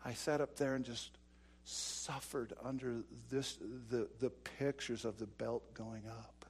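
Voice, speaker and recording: Gravelly preacher telling a story. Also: male voice, mid-range voice, a little slow, slight background noise. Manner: animated storytelling that swings from hushed to loud. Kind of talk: storytelling sermon.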